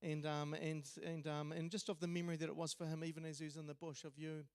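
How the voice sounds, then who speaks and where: A man's voice: on the high side, flat delivery, quick pace, clear, resonant tone, dry recording. A man giving a memorial eulogy in a church, telling stories in a conversational way with hesitations and restarts. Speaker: eulogy speaker.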